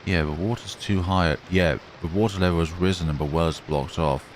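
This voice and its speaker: A man's voice: deep voice, steady tone, normal speed, slight background noise. A man narrating a horror game playthrough, musing and reading the on-screen text aloud. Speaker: gamer. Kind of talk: let's play commentary.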